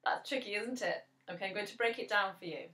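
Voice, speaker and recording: An English woman teaching a children's music lesson, seated, in a slow, clear voice that counts out beats. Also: medium pitch, sharp tone, roomy sound. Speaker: primary school music teacher. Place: at home, seated.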